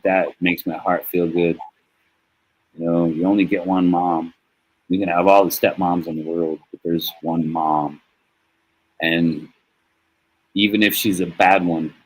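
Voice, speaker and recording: A man's voice: deep voice, rough recording. An American man streaming to his viewers in a casual, rambling monologue that is heartfelt and profane, with laughs. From United States.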